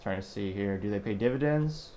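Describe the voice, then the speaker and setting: A man's voice: fairly low pitch, a little fast, mellow, a little hiss or hum. A male host giving casual news commentary, rambling and correcting himself as he reads business stories aloud.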